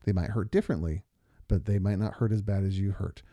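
A man's voice: lowish voice, fairly even intonation, fast talker, dark tone, no echo, muffled recording. A man co-hosting a podcast with his wife, talking earnestly through long examples and stories. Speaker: podcast co-host. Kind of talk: casual podcast conversation.

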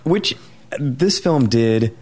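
A man's voice: medium pitch, expressive, drawn-out words, darkish tone. A man in a casual film chat, explaining things at length with many restarts.

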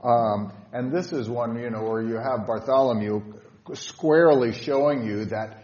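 At a measured pace and with a mid-range, darkish voice, a Southern Illinois pastor offers a considered catechetical sermon, lining hymns and filling pauses often. The sanctuary echoes, and the audio is dull and lo-fi.

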